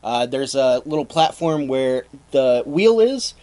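A young man co-hosting a casual history podcast, telling the story in a relaxed way with swearing and acted-out quotes. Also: medium pitch, a little slow. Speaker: podcast co-host.

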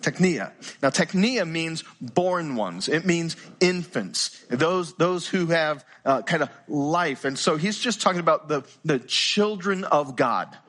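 A man's voice: fairly high pitch, expressive, takes it slowly, few pauses, fairly bright tone. An older male pastor, preaching a sermon earnestly and often repeating words as he starts sentences.

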